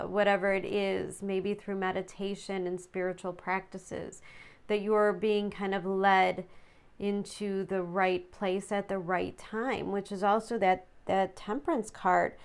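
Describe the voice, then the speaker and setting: A woman's voice: medium pitch, little pitch movement, unhurried, gravelly, clean tone. A woman giving a casual tarot reading to her viewers, chatty and upbeat, sometimes stumbling over words. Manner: chatty, reads card texts aloud, some stumbles. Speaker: tarot reader.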